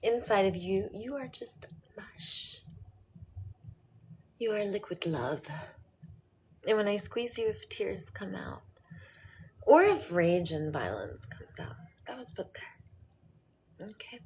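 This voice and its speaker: Slow-talking woman, motherly and whispery. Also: mid-range voice, sing-song, a little hiss or hum. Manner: tender, often dropping to a whisper, then bursting loud. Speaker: host talking to her viewers. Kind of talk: intimate motherly address to viewers.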